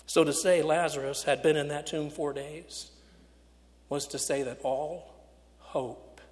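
Guy preaching a sermon, kinda higher voice, long echo like a big church hall. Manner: dramatic retelling, acting out quotes with big swings in loudness. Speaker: pastor.

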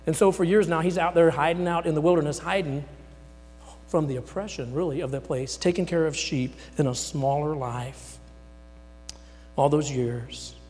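Male pastor, slightly high voice, theatrical sermon delivery with big dynamic swings; long reverb, light hum. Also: steady tone, moderate pace. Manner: dramatic, voices the words of God and Moses; swings between loud emphasis and near-whispers. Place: church sanctuary.

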